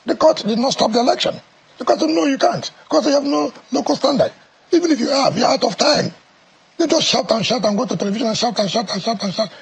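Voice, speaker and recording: A Nigerian politician in a heated TV interview, talking forcefully and repeating his points. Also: very high voice, fast, gravelly, breathy edge. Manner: forceful, emphatic, repeats phrases.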